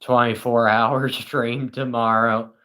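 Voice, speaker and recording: A tired British man hosts a livestream, chatting casually and reading viewers' comments with dry, self-mocking sarcasm. His voice is medium-pitched and sharp in tone, with a flat, slow delivery.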